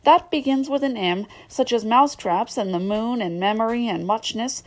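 A woman voicing a sleepy, touchy male dormouse with a hoarse, feeble voice in a storybook reading. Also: fairly high pitch, normal speed, voice pushed up, natural voice. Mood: sleepy, indignant. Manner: drowsy, touchy.

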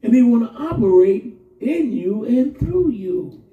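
A male preacher tells stories in an animated way and draws call-and-response from the congregation. His voice runs high and leaps all over its range. It comes from a distance in an echoey church, thin and phone-like. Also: measured pace. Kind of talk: sermon.

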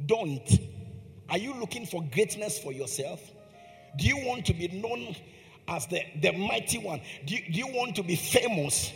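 A man's voice: sits high, lively intonation, moderate pace, vocal fry, a bit bright, in a large hall, soft background music. A man preaching a sermon with emphasis. He repeats phrases and puts questions to his listeners.

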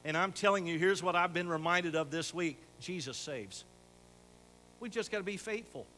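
A man's voice: high voice, moderate pace, bright, forceful tone. An older man preaching a folksy sermon as pastor, rising to emphatic exhortation. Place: church sanctuary. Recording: echoey church hall with faint hum.

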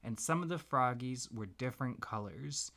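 A man gently making up a bedtime story for his child, pausing as he thinks of what comes next. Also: medium pitch, animated, vocal fry. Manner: gentle, unhurried, makes the tale up as he goes. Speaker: parent telling a story.

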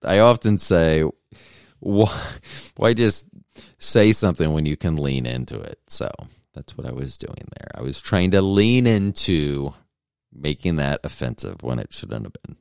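Deep-voiced man rambling in a joking podcast monologue. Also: sing-song, normal speed, vocal fry, darkish tone, clean tone, no room sound, studio quality. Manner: joking, self-deprecating, wandering asides. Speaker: podcast host.

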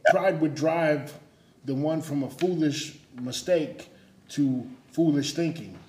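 A man's voice: a little high, takes it slowly, slight background noise. Storytelling man in an echoey room. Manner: storytelling, animated, self-mocking. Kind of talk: casual faith talk.

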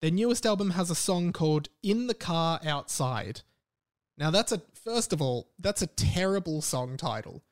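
A man's voice: a little high, animated, normal speed. An Australian man hosting a podcast, chatting casually in a rambling, wry way and often correcting himself mid-sentence. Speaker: podcast host.

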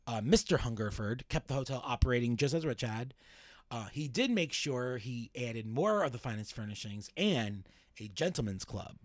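A man's voice: mid-range voice, animated, moderate pace, no echo. A man co-hosting a casual podcast, telling a history story in a chatty, joking way. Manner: chatty, jokey, self-deprecating narrator. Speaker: podcast co-host.

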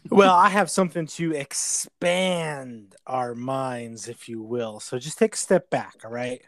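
A laid-back man co-hosting a wrestling podcast at a mid-range pitch. He drops dry asides in easy, casual chat. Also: unhurried, a bit bright. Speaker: podcast co-host.

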